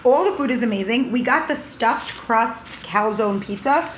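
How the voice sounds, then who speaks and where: A woman guest chats over a meal in a restaurant, gushing with enthusiasm about everything she eats. Her voice sits slightly high. The room is echoey, with a faint hum of noise behind. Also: expressive, normal speed. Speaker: guest, food content creator. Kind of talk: casual chat over a meal.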